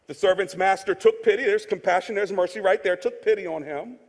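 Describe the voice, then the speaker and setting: A male pastor delivers a sermon with a notably high voice for a man, mixing jokes into a chatty style and hammering key phrases through repetition. His words ring out with the long reverb of a large church hall. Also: brisk, hardly any pauses. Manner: conversational, joking, repeats key phrases for emphasis.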